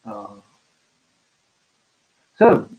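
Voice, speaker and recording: A man, a farmer, hosting a casual live-stream chat, talking haltingly with many ums and restarts. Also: narrow, tinny audio.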